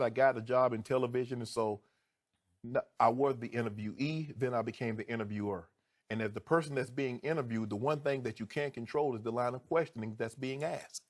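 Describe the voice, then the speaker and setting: Debating on television, this middle-aged sports commentator sounds indignant and forceful. His delivery swings between quiet, measured points and loud bursts full of rhetorical questions.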